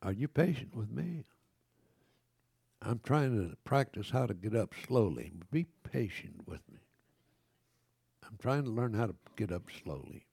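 A man's voice: on the low side, big pitch swings, unhurried, gravelly, pauses often, darkish tone, breathy edge, no echo, clean studio sound. An older man preaching a sermon, reading scripture aloud and turning to the congregation with conversational asides, with frequent self-corrections.

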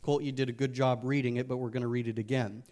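A man's voice: mid-range voice, fairly even intonation, quick pace, a little mellow. Joking, conversational male youth preacher. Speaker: youth pastor. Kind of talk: casual sermon.

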